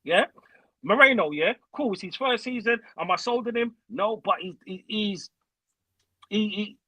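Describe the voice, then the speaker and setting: A young man rants hotly as a fan caller, swearing freely and slipping into slang. His voice sits high and bright, with a husky edge. It sounds dry and close. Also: measured pace, no echo, low-quality recording. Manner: swearing, heated, uses slang. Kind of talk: angry fan rant.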